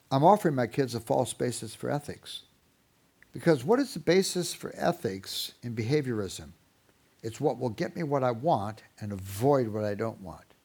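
A man's voice: medium pitch, breathy edge. A middle-aged man speaking on Christian parenting in a sermon style, telling stories and acting out parents and children. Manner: animated storyteller, mimics parents and kids. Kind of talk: sermon-style talk with acted parent voices.

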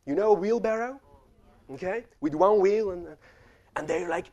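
Young male preacher, high tenor, chatty sermon storytelling that speaks straight to the room. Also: normal speed, long pauses, mellow. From refugee childhood in the Netherlands. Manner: storytelling, addresses the congregation directly.

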